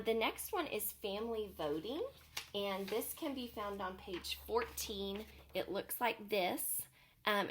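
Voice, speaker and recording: Woman teacher walking parents through activities. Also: medium pitch. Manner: friendly, explanatory, many "um" fillers. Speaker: preschool teacher. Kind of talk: video tutorial for parents. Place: home.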